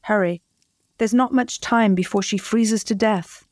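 A woman voicing a wise old man in a read-aloud fairy tale, calm and knowing. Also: mid-range voice, measured pace, dry recording, studio quality, natural voice. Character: wise old man who knows the witch's ways.

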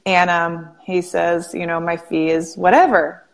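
A woman hosts the interview in a lowish voice and tells a story with animated energy. Her talk is casual and peppered with "like". She moves quickly from a story to its lesson and keeps the conversation going. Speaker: interview host, practice coach.

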